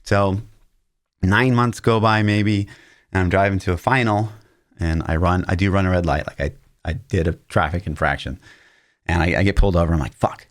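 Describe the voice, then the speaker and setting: A podcast co-host in his thirties tells a long personal story in a deep, low voice. He talks casually and acts out what people said, sometimes jumping to a shout for their lines. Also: moderate pace. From Missouri, US. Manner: animated anecdote-telling, acting out quotes with shouts.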